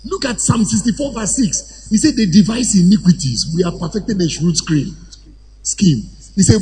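A man preaching a sermon to a congregation, animated and at times shouting or chanting phrases. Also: high voice, moderate pace, slight background noise. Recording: hall reverb with faint ambience.

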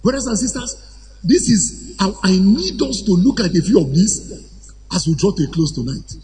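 A man preaching a sermon to a congregation, animated and at times shouting or chanting phrases. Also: sits high, moderate pace. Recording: hall reverb with faint ambience.

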